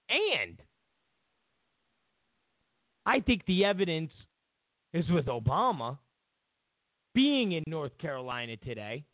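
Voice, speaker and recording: A man hosting a political commentary show, ranting in a mocking, animated way over a phone line. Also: a little high, no echo. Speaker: host.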